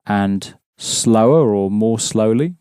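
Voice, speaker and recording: A man's voice: lowish voice, slow, warm tone, clear, resonant tone, dry recording, clean studio sound. A man teaching a language lesson, explaining patiently and prompting his students with questions.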